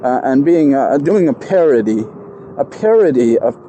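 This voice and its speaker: A man vlogging casually outdoors on a city street with a clip-on mic, deliberately trying to enunciate every word. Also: medium pitch, big pitch swings, mellow, slight background noise, rough recording. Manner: self-aware, trying hard to enunciate. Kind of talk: casual self-talk vlog.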